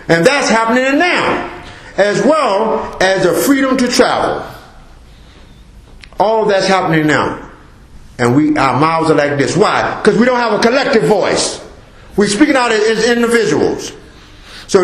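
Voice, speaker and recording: American man, high voice, emphatic mosque talk, roomy echo. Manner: emphatic, repetitive preaching with acted-out asides. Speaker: guest speaker. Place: mosque hall. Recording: echoey mosque hall.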